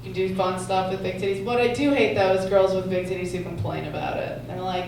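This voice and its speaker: A brash young woman doing crude stand-up and ribbing the crowd. Her voice is distant and echoey, with loud club noise all around. She sits in a middling pitch. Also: fairly quick, few pauses. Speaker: stand-up comedian. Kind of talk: stand-up set. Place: comedy club stage.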